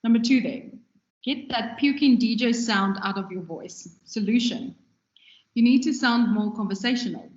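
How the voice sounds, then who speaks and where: A woman's voice: a little high, lively intonation, normal speed, a little mellow. A woman giving a conversational recorded lecture on radio production, talking with her hands as she goes. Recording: echoey room, dull lo-fi sound.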